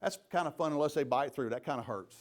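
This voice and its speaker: Middle-aged man, police chief type, slightly high voice, folksy joking trainer with stories. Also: fast talker. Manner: lively storyteller, folksy and joking. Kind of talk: leadership training talk with stories.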